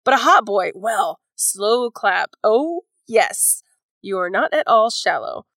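A woman's voice: fairly high pitch, big pitch swings, a little slow, fairly bright tone, dry recording. A woman co-hosting a casual book chat, talking in a chatty way full of "like" and "you know". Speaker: podcast co-host.

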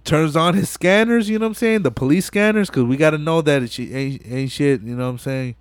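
A man hosting a podcast, retelling a film scene by scene in animated, slang-heavy, profane casual talk full of fillers. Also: fairly high pitch, brisk, clear, resonant tone, dry recording, clean studio sound. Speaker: podcast host. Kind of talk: casual movie recap.

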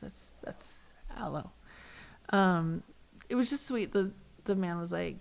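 Giggly woman with a gravelly, lively voice. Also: fairly low pitch, slow pace, pauses often. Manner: giggly, rambling storyteller. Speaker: podcast co-host. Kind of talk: casual chat, recapping a reality show.

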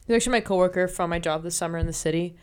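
A woman's voice: lowish voice, racing, darkish tone, clean tone. A young woman co-hosting a podcast, talking in a laid-back, slangy casual chat. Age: young adult. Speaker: podcast co-host.

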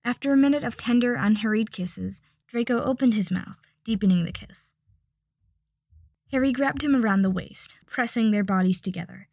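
Woman narrator, soft and gravelly, close dry mic, audiobook. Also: a little high, moderate pace, dry recording. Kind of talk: audiobook reading.

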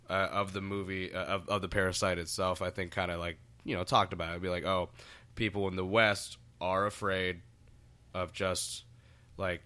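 A man's voice: low-pitched, bright, forceful tone, clean tone. A man co-hosting a casual podcast, laid-back, using lots of fillers and swearing. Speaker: podcast co-host. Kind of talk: casual chat.

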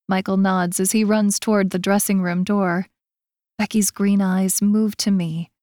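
A woman's voice: mid-range voice, little pitch movement, a little slow, darkish tone, no room sound, studio quality. A woman narrating a romance audiobook in first person, voicing the characters in turn.

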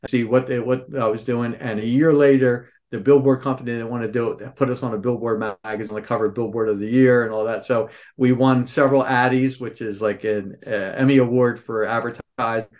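A man's voice: medium pitch, fairly quick, hardly any pauses, lo-fi sound. A man in his sixties, a store owner, telling stories as a podcast guest and acting out the people in them. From Philadelphia area. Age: 60s. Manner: animated storyteller, acts out quoted voices. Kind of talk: storytelling interview answers.

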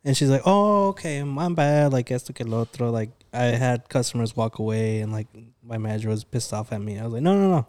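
A man's voice: medium pitch, fast talker, dark tone. A young man chatting casually with friends, telling a long story that switches freely between English and Spanish slang and is full of swearing and quoted dialogue. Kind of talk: casual chat among friends.

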